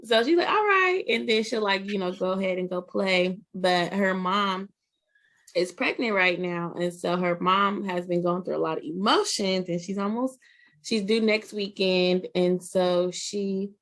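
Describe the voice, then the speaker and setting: A woman's voice: on the low side, unhurried. A woman, an aunt, chatting casually and telling a family story, acting out the quoted lines. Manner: storytelling with lively quoted voices. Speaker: group discussion participant, aunt. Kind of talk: casual chat.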